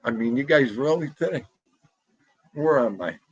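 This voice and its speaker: Husky, slow New man, loud, chatty livestream host, dry room. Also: medium pitch, dry recording, highs cut off. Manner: animated, talks loudly, greets chatters by name. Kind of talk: casual livestream chat reading comments. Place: home room.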